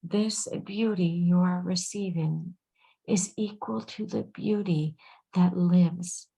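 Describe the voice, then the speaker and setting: A woman with a lowish, steady voice gives intuitive readings as a channel over a video call, calling herself "we" and frequently saying "dear one." She speaks slowly and soothingly, her creaky, husky tone drifting into soft whispers, in a low-quality recording.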